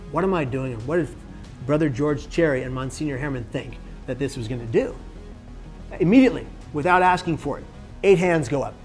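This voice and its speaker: A man speaking to camera about his own experience, telling it with energy and acting out the lines of other people in the story. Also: a little high. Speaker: suicide prevention speaker.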